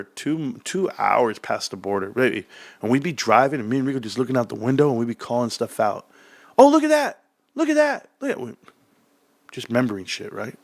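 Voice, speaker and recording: With a creaky voice on a dry recording, a man shares a story from his childhood in relaxed chat. He laughs a lot and animatedly performs childhood voices, pitching them high and excited.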